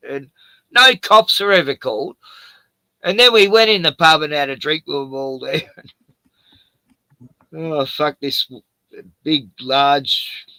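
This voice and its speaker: A man's voice: a little high, slow, long pauses, pushed and bright, no room sound, poor audio. A middle-aged Australian man on a stream, telling rambling, profane anecdotes in casual chat.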